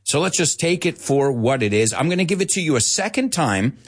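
A man teaching English on a live show, talking in a loose, chatty way and slipping into Spanish now and then. His pitch swings widely and lively from phrase to phrase. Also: brisk, husky. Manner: lively, chatty, drops Spanish words in, laughs often. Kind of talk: live online English lesson.

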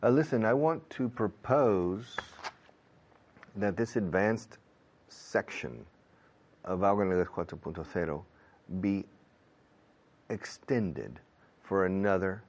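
A man's voice: deep voice, lively intonation, unhurried, long pauses, a little mellow, dull audio. A man, an English teacher, talking straight to his listeners and asking for their support. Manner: persuasive, talks straight to the audience. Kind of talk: direct appeal to listeners.

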